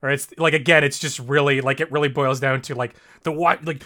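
A podcast co-host casually talks through a story, his bright voice full of fillers, frequent swearing and regular laughter. He speaks briskly with few pauses, at a medium pitch with fairly even intonation.

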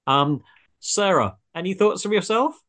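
A man hosting a casual radio chat, his voice sitting a little high. He keeps things moving with teasing, chatty asides as he steers the film reviews. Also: lively intonation, unhurried, fairly bright tone. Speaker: radio show host.

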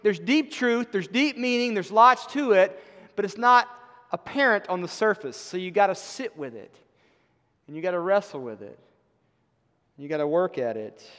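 A man's voice: sits high, animated, normal speed, fairly bright tone. A man preaching a sermon in a conversational, emphatic way, with wry asides. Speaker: pastor. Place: church sanctuary. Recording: long hall reverb.

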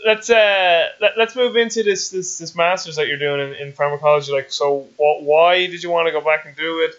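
Irish guy hosting a podcast, talks super fast, kinda high voice, bit muffled lo-fi audio. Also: a bit bright. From Ireland. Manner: quick, chatty storyteller. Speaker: podcast host. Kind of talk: conversational interview.

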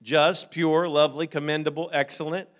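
A man preaching a sermon as pastor, growing loud and emphatic at times, then calm and practical with plain fillers and repeats. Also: fairly high pitch, moderate pace. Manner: frequent fillers and repeated words.

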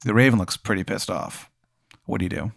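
A man narrating as game master in an improvised tabletop game, telling it in a casual, deadpan way. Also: fairly low pitch, fairly quick, creaky, husky, dry recording, clean studio sound.

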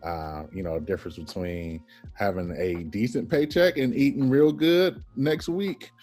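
Low-voiced man telling a lively story. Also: unhurried, soft background music. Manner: animated storyteller, acts out quoted voices, laughs often. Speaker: guest. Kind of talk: storytelling in a podcast interview.

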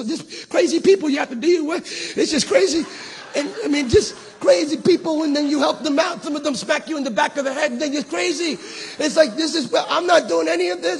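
A middle-aged man preaching a sermon as pastor, animated and playful with the congregation, dropping to a hush when telling a story. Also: very high-pitched, slightly rough. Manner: addresses the congregation casually, calling them "baby". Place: church service.

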